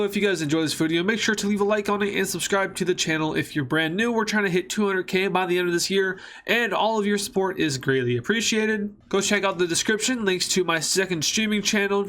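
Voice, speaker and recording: A young man with a slightly high voice talks through a map scenario with a casual, rambling ease. He breaks into jokey, self-mocking asides as if chatting with regular viewers. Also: a bit bright. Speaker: YouTube mapping channel host. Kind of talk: casual narration over a map.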